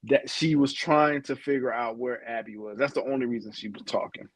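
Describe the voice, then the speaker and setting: A man's voice: medium pitch, a little fast, no room sound, rough recording. A man co-hosting a podcast in casual chat, laid-back and profane, often restarting his sentences. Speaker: podcast co-host.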